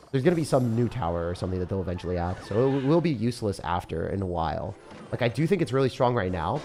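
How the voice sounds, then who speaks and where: A young man giving casual, excitable gameplay commentary, often breaking into disbelief and calling the listener dude or bro. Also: on the low side. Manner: excitable, frequent disbelief outbursts, calls viewers dude and bro. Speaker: gaming creator.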